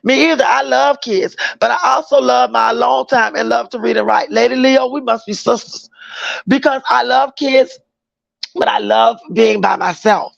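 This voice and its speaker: Woman livestream host, very gravelly high voice, dry lo-fi sound, greets viewers by name, loose slangy chat. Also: fairly even intonation, normal speed.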